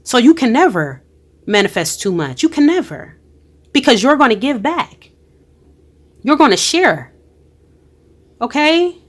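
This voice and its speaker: This woman's voice sits high and is very animated, moving at a measured pace with frequent pauses. In a casual tarot-style energy reading she sounds emotional, pushing her encouragement emphatically through colloquial language and many exclamations.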